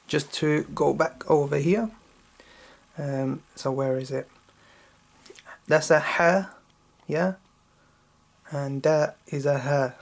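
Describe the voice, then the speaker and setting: A man teaching children to recite a Quran chapter, explaining letter sounds slowly and often checking in with "yeah?". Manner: slow, repetitive explaining with frequent checking "yeah?"; intones Arabic verses louder and higher when reciting. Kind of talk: patient recitation lesson for children.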